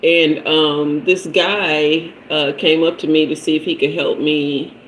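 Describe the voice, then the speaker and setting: A woman with a somewhat low voice hosts a live tarot stream, chatting easily with viewers and laughing often. She sprinkles endearments like "honey" through her talk, and a faint hum sits behind her. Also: steady tone, unhurried, rough recording. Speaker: tarot reader and livestream host. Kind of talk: casual livestream storytelling.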